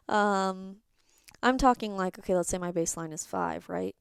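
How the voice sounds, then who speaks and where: A woman's voice: medium pitch, fairly even intonation, moderate pace, creaky, smooth, no room sound, studio quality. A woman hosting a personal solo podcast, talking candidly and rambling, sometimes dropping into a whisper. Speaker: podcast host.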